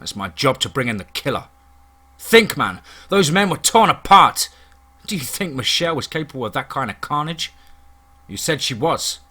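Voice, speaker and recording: A man's voice: mid-range voice, expressive, a little fast, sharp tone, husky. A man voicing a stubborn male lawman who talks insistently in a raised voice, in a spoken horror story. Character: stubborn adult male lawman, accusing and blunt.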